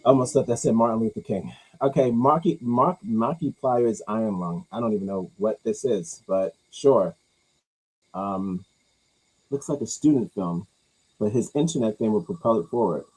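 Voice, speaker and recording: A man's voice: normal speed, husky, low-quality recording. A man hosting a podcast, riffing casually and jokingly on comments, rambling and repeating himself. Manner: rambling, jokey, swings loud and high for bits. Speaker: podcast host reading comments.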